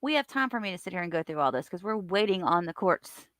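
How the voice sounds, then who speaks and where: A woman hosting a casual live stream, chatting and greeting her viewers by name in an animated way. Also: quick pace, no room sound, studio quality. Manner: animated, lively swings in pitch and loudness.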